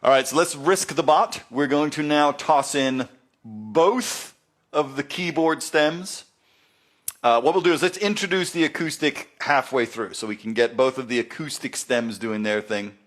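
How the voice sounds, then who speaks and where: Chill guy rambling through stories on a stream, swears constantly, mid-pitched voice. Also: unhurried, a bit bright. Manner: rambling, heavy swearing, laid-back. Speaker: music producer hosting a live stream. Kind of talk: casual live-stream storytelling. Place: Los Angeles.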